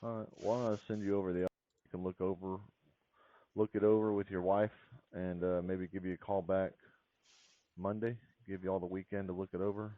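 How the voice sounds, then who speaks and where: A man with a Southern drawl, easygoing and folksy, pitching to a home seller on a recorded phone call. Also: little pitch movement, a little fast, warm tone, no room sound. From American South. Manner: easygoing, folksy, uses y'all. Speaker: real estate wholesaler on a seller call. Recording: dull dry call recording.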